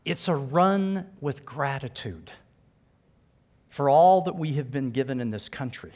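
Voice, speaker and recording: A man's voice: mid-range voice, expressive, unhurried, a little mellow. A middle-aged man speaking earnestly and emphatically as a conference speaker, giving a motivational keynote to a live audience.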